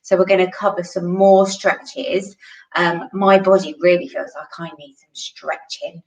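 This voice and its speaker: A woman's voice: on the low side, steady tone, unhurried, roomy sound, recorded from a distance, rough recording. A woman coaching a children's home workout, cheerful and encouraging and a bit out of breath from exercising. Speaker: kids' gymnastics coach.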